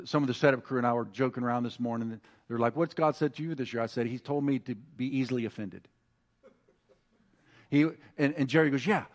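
A male pastor preaching a sermon, moving from quiet, conversational asides to rising, emphatic exhortation, with frequent restarts. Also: mid-range voice.

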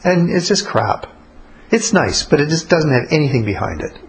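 A man teaching about prayer in a relaxed, conversational way, blunt and colloquial. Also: on the high side, normal speed, vocal fry, a little hiss or hum, rough recording. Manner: blunt, colloquial, acts out little spoken exchanges.

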